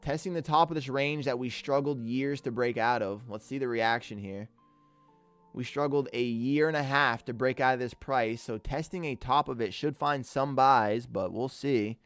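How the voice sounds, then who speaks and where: A young man live-streaming his day trading, excitable and swearing often as he talks to his chat. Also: medium pitch, normal speed, smooth. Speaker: livestreaming day trader. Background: faint music.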